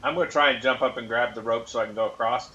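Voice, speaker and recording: A man playing a tabletop game, excitable and animated as he talks. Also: mid-range voice, fast, lo-fi sound. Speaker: player. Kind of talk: casual tabletop play.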